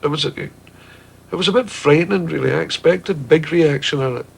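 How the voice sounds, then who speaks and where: A man's voice: on the high side, fairly quick, gravelly, slightly rough. A Glaswegian Scottish man answering interview questions in a thoughtful, wry, slightly hesitant way. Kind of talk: reflective interview talk.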